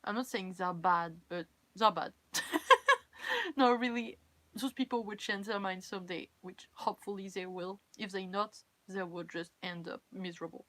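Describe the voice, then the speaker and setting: A woman's voice: mid-range voice, steady tone, moderate pace, a bit bright, no room sound. Chatty French woman streaming live. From France. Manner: rambling, chatty, candid. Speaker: cosplay livestreamer. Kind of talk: casual live-stream chat.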